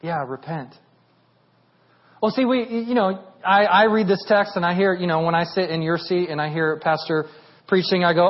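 A man in his thirties preaching a sermon as pastor, animated and rising to near shouting at his peaks. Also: high voice, normal speed, dull audio.

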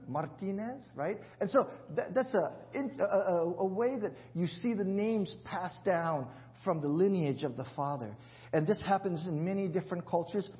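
Male pastor, conversational sermon, slightly high voice, dull lo-fi church recording. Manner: conversational, asks the congregation questions; jokes and laughs at himself.

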